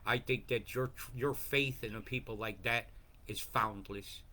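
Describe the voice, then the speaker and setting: Man, weather livestream host, profane, excitable, jumps topics, bright tense tone. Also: medium pitch, a little slow. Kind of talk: rambling livestream commentary.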